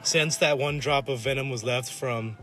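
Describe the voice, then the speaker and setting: A man co-hosting a casual podcast, rambling and swearing as he riffs and acts out characters in quick asides. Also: medium pitch, steady tone, pushed and bright, soft background music. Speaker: podcast co-host. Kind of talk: casual chat. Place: collectibles shop.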